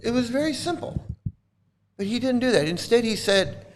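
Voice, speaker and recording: A middle-aged man with a high-pitched voice, ranting in fury. He repeats himself, swears hard and sounds bitter and worked up. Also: expressive, normal speed. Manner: furious, repetitive, swearing, bitter. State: angry, voice breaking at times. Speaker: channel host, cult critic. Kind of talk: angry monologue to camera.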